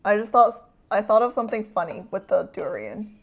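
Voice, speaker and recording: A woman's voice: medium pitch, lively intonation, moderate pace, creaky. A woman streamer chatting casually with her chat while cooking, teasing and laughing often.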